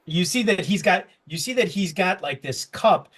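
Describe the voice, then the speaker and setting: A man's voice: sits high, lively intonation, moderate pace, a bit bright, breathy edge. A man narrating a tabletop game as game master, rambling with restarts as he describes the scene. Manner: rambling, full of fillers and restarts.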